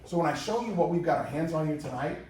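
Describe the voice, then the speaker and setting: A man in his fifties giving an energetic, repetitive motivational sales presentation to a live audience in a large room, rallying the crowd. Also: on the high side, fast talker, slight background noise. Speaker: company presenter. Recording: very echoey hall, mic far off.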